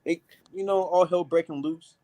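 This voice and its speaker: A man leading a casual, animated Bible study, reading verses and adding emphatic asides like "man" and "right?". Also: a little high, moderate pace, rough recording. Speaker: Bible teacher. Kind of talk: street-style Bible study preaching.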